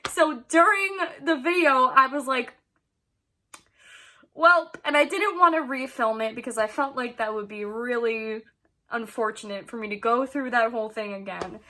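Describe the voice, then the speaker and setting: Young woman, casual vlog chat, bright clear tone, slightly high voice, rambling with ums and laughs. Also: moderate pace. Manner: chatty, rambling, laughs often, many ums. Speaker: vlogger.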